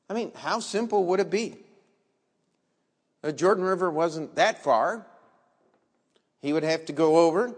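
A man preaching a sermon as a pastor, telling the story vividly and asking the congregation rhetorical questions. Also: sits high. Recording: long reverb in a large hall.

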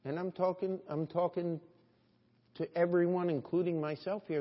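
Earnest pastor preaching in a reverberant hall. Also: male voice, on the high side, moderate pace. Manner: earnest, rhetorical questions, shifting between hushed and loud. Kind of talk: sermon. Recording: dull sound in a reverberant hall.

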